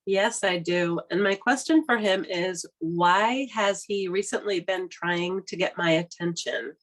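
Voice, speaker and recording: A woman asking a question about her pet, speaking slowly and carefully. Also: on the low side.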